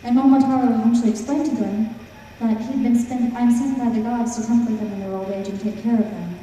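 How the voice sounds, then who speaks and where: A woman's voice: fairly high pitch, fairly even intonation, fast talker, warm tone, slight background noise. A woman telling a folk tale to a live audience, with playful, teasing asides to the listeners. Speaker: storyteller. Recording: echoey hall from far off.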